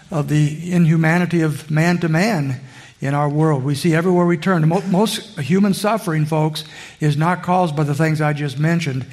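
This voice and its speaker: Male pastor, slightly higher voice, easygoing conversational sermon delivery. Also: a little mellow. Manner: conversational preaching with frequent "uh" fillers.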